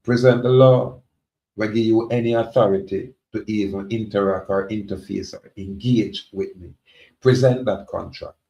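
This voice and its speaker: A man's voice: lowish voice, steady tone, moderate pace, gravelly, dark tone. A man with a Jamaican accent giving a defiant, preachy, rambling monologue to his viewers. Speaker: self-styled sovereign speaking to viewers. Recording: roomy, dull lo-fi recording.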